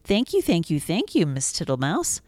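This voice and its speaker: A woman's voice: fairly low pitch, wildly swooping pitch, moderate pace, darkish tone, dry recording, studio quality. A woman voicing a sloppy, cheerful male toad in a children's storybook reading, in a sing-song manner. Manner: sing-song, with a repeated jolly refrain.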